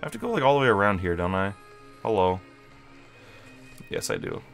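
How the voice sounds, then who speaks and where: A man's voice: on the low side, huge pitch swings, racing, faint music behind. Playful young man commentating a game. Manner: playful, self-mocking, chatty. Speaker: gaming streamer. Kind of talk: casual let's-play commentary. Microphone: webcam and desk mic.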